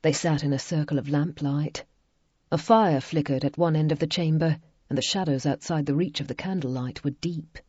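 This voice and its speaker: Woman narrator, low husky voice, measured storytelling, dull lo-fi recording. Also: a little mellow, dry recording. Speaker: audiobook narrator. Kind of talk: scripted narration.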